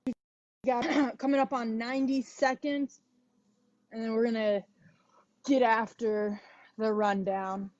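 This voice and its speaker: Chatty, mellow-voiced woman fitness instructor. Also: a little high, no echo, muffled recording. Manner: relaxed, chatty, sighing and yawning. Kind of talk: casual chat before a livestream workout class. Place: indoors at home. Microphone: wireless headphone mic.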